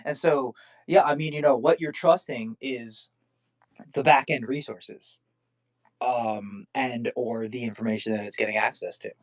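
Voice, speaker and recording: A man hosting a casual discussion, rambling through his explanations with many restarts and fillers. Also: mid-range voice. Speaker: podcast host.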